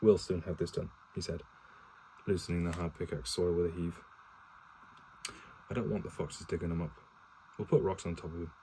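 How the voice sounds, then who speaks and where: Casual home reader, male, low warm voice, stumbling plain read-aloud with self-corrections and cursing asides, no character voices. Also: flat delivery, moderate pace, slight background noise, poor audio. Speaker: reader reading a novel aloud to his partner.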